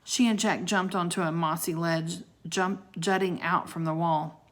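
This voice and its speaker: A woman's voice: on the low side, steady tone, a little slow. A woman reading a children's book aloud, with chatty asides to her listeners. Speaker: storybook reader.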